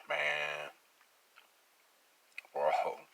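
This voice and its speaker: A man's voice: fairly high pitch, big pitch swings, drawn-out words, vocal fry, pushed and bright. An angry man venting in a vlog, talking bluntly and profanely about his work as a traveling field welder. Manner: blunt, profane, heated street talk.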